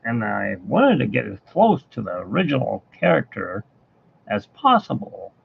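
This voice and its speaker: A man doing an impression of a goofy-voiced male voice actor, talking in a folksy drawl that jumps into high yelps. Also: big pitch swings, moderate pace, creaky, a little hiss or hum. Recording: tinny phone-like sound.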